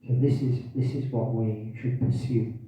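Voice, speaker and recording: A man's voice: mid-range voice, steady tone, normal speed, dark tone, a little hiss or hum. A man giving a scripture class, quizzing the audience and repeating key phrases, with hiccups. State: has hiccups. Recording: tinny, distant, echoey room recording.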